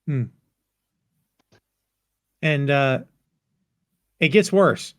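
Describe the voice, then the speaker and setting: A man co-hosting a podcast, telling a scene in a casual, lively way. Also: medium pitch, normal speed, no echo, studio quality. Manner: animated storyteller who recaps scenes. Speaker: podcast co-host. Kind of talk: casual recap chat.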